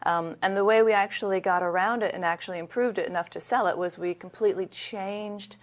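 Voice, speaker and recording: A woman's voice: mid-range voice, fairly quick. A middle-aged woman as an interview guest, talking in a candid, anecdotal, conversational way. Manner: candid, anecdotal, lively retelling. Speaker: interview guest, leadership consultant. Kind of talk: conversational storytelling.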